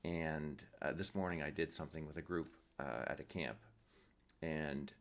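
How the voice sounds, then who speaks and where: A man, a guest musician, chatting casually in a soft-spoken, rambling way. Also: a bass voice, steady tone, moderate pace. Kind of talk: casual chat. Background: guitar playing.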